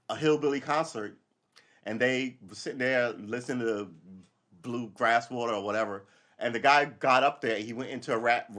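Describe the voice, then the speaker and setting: A man hosting a live podcast, rambling and opinionated, swinging from loud outbursts to low asides. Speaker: podcast host. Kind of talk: casual live commentary.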